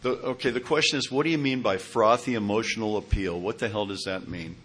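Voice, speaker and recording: At a recovery meeting, a man in his sixties shares his testimony in a rather low, husky, slightly bright voice, moving a little fast. He drifts from memory to memory and keeps checking in with his audience.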